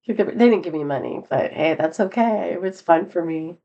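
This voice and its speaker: A woman's voice: mid-range voice, lively intonation, measured pace, dark tone. A middle-aged woman telling a rambling personal story in a casual vlog, laughing often and lifting her voice for quoted lines. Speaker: vlogger.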